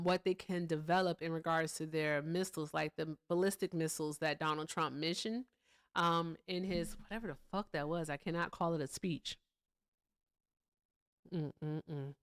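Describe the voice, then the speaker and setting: Her voice is lowish, clear, and resonant as she hosts a casual political livestream. The woman is blunt and profane, and she drifts off between points to chat with her viewers.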